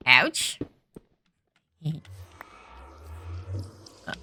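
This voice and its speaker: Slow, bright-toned woman, morning voice, casual gameplay commentator who thinks aloud. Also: medium pitch, slight background noise. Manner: thinking aloud, frequent ums and restarts. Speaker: gaming video host.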